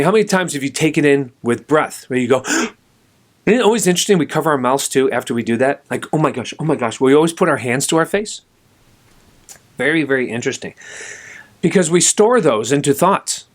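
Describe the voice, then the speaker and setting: Male podcast host, middle-aged, with a slightly high voice. Chatty storytelling monologue that talks straight to the listener.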